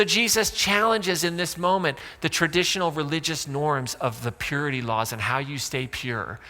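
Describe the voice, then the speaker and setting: A man's voice: a little high, normal speed, few pauses, bright, forceful tone, long reverb tail. A man pastor giving a sermon in a casual, joking way, with asides to the congregation. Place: church sanctuary.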